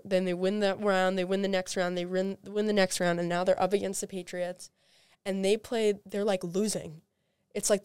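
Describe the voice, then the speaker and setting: In a casual podcast chat, a young female co-host spins lively, chatty stories full of filler words. She has a lowish, clean-toned voice, captured dry with clean studio sound.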